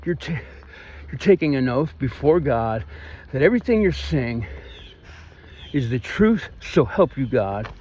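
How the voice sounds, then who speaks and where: A man's voice: mid-range voice, animated, unhurried, a little mellow. A man with a Missouri twang venting in a rambling, aggrieved vlog monologue. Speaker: vlogger.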